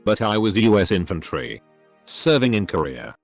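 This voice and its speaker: A man's text-to-speech voice narrating online posts as scripted story readings, with odd phrasing and pauses. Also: lowish voice, big pitch swings, gravelly. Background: faint background music.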